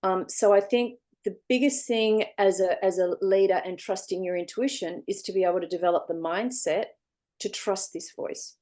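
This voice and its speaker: Casting: mellow-voiced Australian woman, interview guest on a video call, lively storyteller. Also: medium pitch, moderate pace, few pauses. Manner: animated storyteller acting out voices. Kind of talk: online interview.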